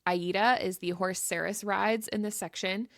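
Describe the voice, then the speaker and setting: A woman's voice: mid-range voice, steady tone, normal speed, fairly bright tone, dry recording, clean studio sound. A woman co-hosting a casual book podcast, chatty and giggly as she walks through names and terms. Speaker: podcast co-host. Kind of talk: casual podcast chat, reading a pronunciation guide.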